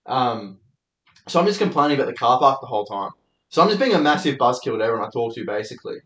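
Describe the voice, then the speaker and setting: A man's voice: medium pitch, big pitch swings, fast talker, a bit bright, echoey room, lo-fi sound. A young Australian man hosting his own show, telling rambling stories in a casual, sweary way. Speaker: podcast host and comedian. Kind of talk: solo storytelling monologue.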